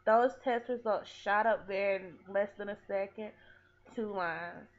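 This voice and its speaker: A woman's voice: medium pitch, measured pace. A woman in her twenties telling a personal story in a vlog, earnest and rambling, with lots of "like.". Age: 20s. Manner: earnest, rambling, heavy use of "like". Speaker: vlogger. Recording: tinny phone-like audio.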